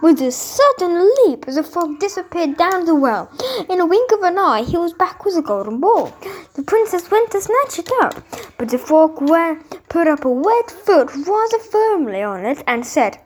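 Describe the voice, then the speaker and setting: A woman reads a fairy tale aloud in a high, bright-sounding voice. Her pitch swoops up and down expressively. She trips over words and restarts, unrehearsed. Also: big pitch swings, unhurried, low-quality recording. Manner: unpolished read-aloud with slips and restarts. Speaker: storyteller.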